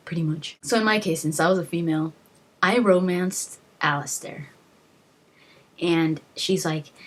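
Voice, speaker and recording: Husky-voiced woman telling a rambling story. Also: fairly low pitch. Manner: rambling and emotional, many fillers and restarts. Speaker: gaming video host. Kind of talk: casual vlog storytelling.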